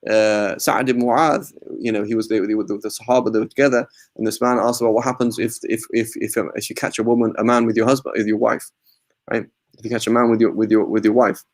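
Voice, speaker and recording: A man's voice: on the low side, little pitch movement, quick pace. A man giving an informal religious class in a mosque, talking conversationally, often checking in with "right?" and mixing in Arabic religious terms. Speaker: religious teacher.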